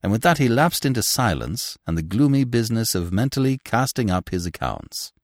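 A man narrating a classic novel in an expressive, theatrical style. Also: medium pitch, moderate pace, no echo, clean studio sound. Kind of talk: audiobook narration.

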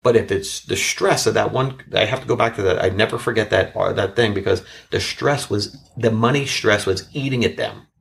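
A man's voice: fairly low pitch, normal speed, creaky, few pauses. A man, a bankruptcy lawyer, telling an earnest story from his practice in a casual panel chat. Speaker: bankruptcy attorney on a podcast panel.

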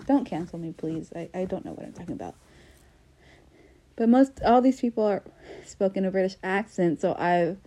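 A woman's voice: mid-range voice, animated, a little slow, pauses often, warm tone, husky. A young American woman hosting a casual solo podcast, chatty and self-deprecating, full of fillers and restarts. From United States. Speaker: podcast host.

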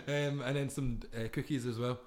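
A man's voice: medium pitch, fairly even intonation, measured pace, a little mellow. Rambling young man telling a story. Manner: rambling, filler-heavy, laughs often. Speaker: podcast co-host. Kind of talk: casual chat, storytelling.

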